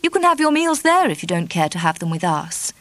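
A woman voicing a shy but earnest middle-aged woman, with a cool, deliberate and distinguished voice and an effusive, pleading manner. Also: fairly low pitch, big pitch swings, fairly bright tone, no echo.

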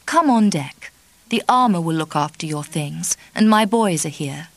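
A woman voicing a shy but earnest middle-aged woman, with a cool, deliberate and distinguished voice and an effusive, pleading manner. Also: on the low side, lively intonation, no room sound. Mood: warm concern.

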